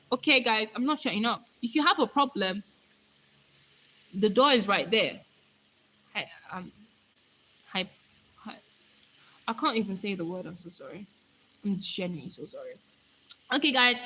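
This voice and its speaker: A talkative young woman from Nigeria on a live stream, her bright, high voice swinging lively up and down. She rambles in a hyper, casual way and reads viewer comments aloud. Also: rough recording.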